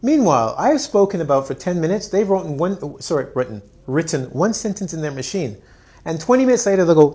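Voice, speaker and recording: A man's voice: a little high, sing-song, fast, dark tone. A man teaching an English lesson on video, joking, mocking himself and acting out his students. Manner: playful, self-mocking, acts out students.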